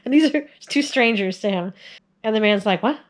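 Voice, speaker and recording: A woman's voice: mid-range voice, animated, moderate pace. A woman in her forties casually telling family stories to the camera in a chatty way, laughing often as she goes. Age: 40s. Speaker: video host sharing family stories.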